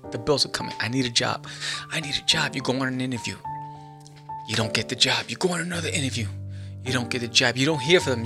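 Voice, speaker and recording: A man's voice: medium pitch, creaky. A man hosting a podcast, talking straight to listeners and acting out their inner thoughts. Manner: animated, acts out inner thoughts in quotes. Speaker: podcast host. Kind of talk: motivational talk to listeners.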